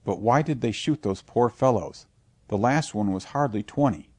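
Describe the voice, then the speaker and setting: A man voicing a shaken young nobleman held prisoner, speaking plainly and quietly. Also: fairly low pitch, expressive, normal speed.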